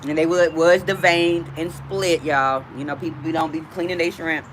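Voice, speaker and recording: A woman's voice: low voice, steady tone, moderate pace, a little hiss or hum. A woman hosting a casual livestream from outdoors, chatting directly with her viewers. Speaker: livestream host.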